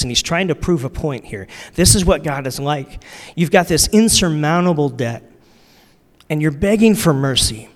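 A man preaching a sermon in a relaxed, conversational way, using slang and repeating his key lines for emphasis. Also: a little high. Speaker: pastor. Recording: long reverb of a large hall.

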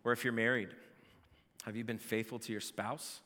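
A man delivers a sermon as the pastor, his voice bright and forceful. He talks with lively energy and breaks into loud outbursts when he jokes. His voice rings with the long reverb of a large hall. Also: mid-range voice, normal speed. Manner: animated, builds to shouting in jokes.

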